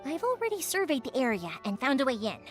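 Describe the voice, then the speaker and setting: Bubbly young fireworks shopkeeper, high lively voice, giggly, faint music under it. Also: female voice, fast. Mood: cheerful. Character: cheerful young woman fireworks shop owner, playful. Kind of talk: game cutscene dialogue.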